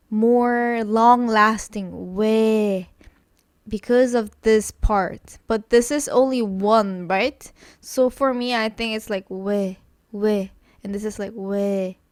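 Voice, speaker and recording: A woman's voice: on the high side, no echo, studio quality. A woman with Korean as her first language, teaching Korean pronunciation in English, repeating each example sound many times and drawing it out. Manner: drawn-out example sounds, frequent fillers. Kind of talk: slow, repetitive pronunciation lesson.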